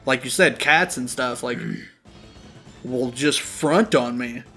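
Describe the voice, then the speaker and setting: A man's voice: medium pitch, slow, sharp tone, soft background music. A young man co-hosting a game playthrough, telling a story casually with lots of swearing and laughter. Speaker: let's play co-host. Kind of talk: casual gaming chat.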